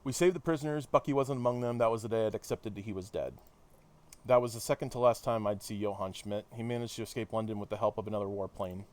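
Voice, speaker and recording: A man reading a steadfast male soldier hero's mission account in his own low voice. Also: fairly even intonation, fast talker, a little mellow, lightly acted. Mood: earnest.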